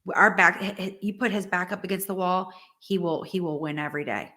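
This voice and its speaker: A woman in her forties talks as a guest in a heartfelt business conversation. Her bright, forceful voice stays earnest and emphatic, and she often circles back to restart a sentence. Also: lowish voice, fairly quick.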